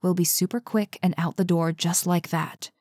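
A woman's voice: on the low side, fairly even intonation, moderate pace, darkish tone, no echo, clean studio sound, natural voice. Woman voicing a tense, determined young woman. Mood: urgent. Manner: urgent, coaxing, tense.

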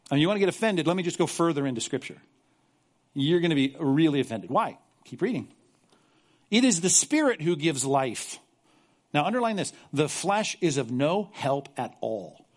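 A male pastor preaching a sermon, animated and sarcastic, mocking apologetic voices as he makes his point. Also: a little high, normal speed.

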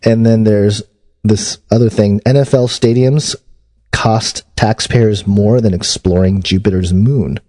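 A man's voice: on the low side, fairly even intonation, unhurried, warm tone. A man co-hosting a talk show, reading news items in a dry, matter-of-fact way. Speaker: podcast co-host.

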